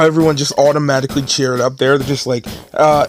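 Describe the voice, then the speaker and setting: A man's voice: mid-range voice, little pitch movement, fast talker, soft background music. A man hosting a let's play, making casual, chatty and exasperated joking asides between game dialogue. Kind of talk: casual gaming commentary.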